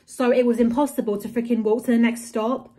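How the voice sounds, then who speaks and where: A woman's voice: fairly high pitch, fairly even intonation, fairly quick, dark tone. A young woman, ranting in a casual vlog about a bad summer, exasperated and rambling with lots of fillers and swearing. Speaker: vlogger.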